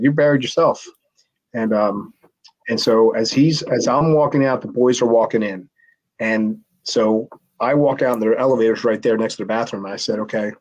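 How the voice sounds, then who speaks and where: A man's voice: lowish voice, a little mellow, poor audio. A man, a former pro wrestler, telling a story in a casual interview, acting out the quotes in a raised voice and restarting his sentences.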